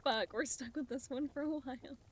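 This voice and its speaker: A woman's voice: high voice, fairly quick, noisy background. A woman livestreaming, chatting casually with her viewers as she plays, giggling often and swearing offhandedly. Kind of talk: casual chat while playing a game. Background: game music.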